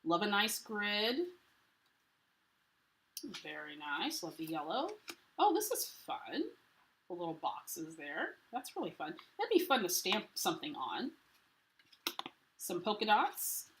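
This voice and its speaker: A woman's voice: lowish voice, sing-song, unhurried, long pauses, fairly bright tone, a little hiss or hum. A woman hosting a live craft unboxing. She talks in a chatty, enthusiastic way and greets viewers by name. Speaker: craft livestream host.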